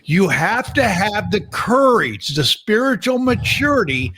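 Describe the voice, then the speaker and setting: A man talking as a guest on a faith podcast, sincere and reflective, with steady conviction. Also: high voice, measured pace, background noise. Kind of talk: casual faith podcast conversation.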